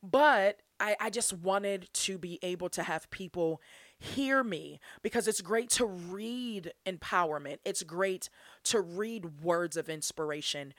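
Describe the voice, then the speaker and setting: This young woman's voice sits on the low side, captured with clean studio sound and no echo. Hosting her own podcast alone, she talks sincerely and openly, with plenty of laughter.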